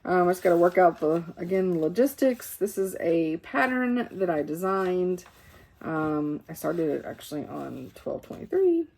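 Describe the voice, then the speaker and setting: Tired and yawning, a woman casually shows her cross-stitch works in progress as a vlogger, rambling with fillers and correcting herself. Her lowish voice is creaky and darkish in tone, very animated, at a measured pace.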